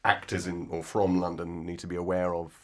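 A man's voice: low voice, flat delivery, brisk, darkish tone. A man conducting an interview, asking long, hesitant questions with many restarts. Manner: hesitant, searching for words.

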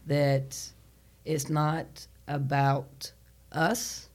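A woman's voice: low-pitched, little pitch movement, extremely slow, darkish tone. A woman from Charlotte who co-hosts the podcast, chatty and self-deprecating as she asks the guest questions. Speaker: podcast co-host. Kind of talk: casual interview conversation.

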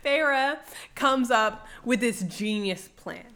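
A woman in her twenties chatting casually, crude and giggly, acting out characters in quick voices. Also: on the high side, fairly bright tone. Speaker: podcast co-host recapping a book. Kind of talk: casual chat, retelling with quoted voices.

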